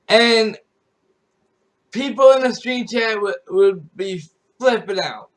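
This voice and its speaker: Rambling high-voiced male streamer. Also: slow, pauses often. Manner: rambling, with many restarts and repeated phrases. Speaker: gaming YouTuber and streamer. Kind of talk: casual storytelling to camera.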